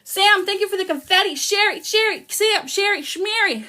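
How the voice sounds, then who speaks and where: A woman's voice: very high-pitched, moderate pace, pushed and bright. A Canadian woman in her thirties hosting a casual birthday livestream, bubbly and gushing as she thanks her viewers one by one. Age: 30s. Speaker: livestream host.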